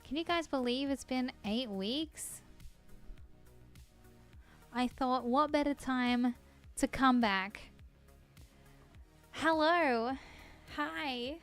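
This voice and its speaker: High-voiced, bubbly woman streamer who giggles often and sounds a little scattered while chatting with her viewers. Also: very slow, long pauses, faint music behind. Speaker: live streamer. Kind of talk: casual live-stream chat.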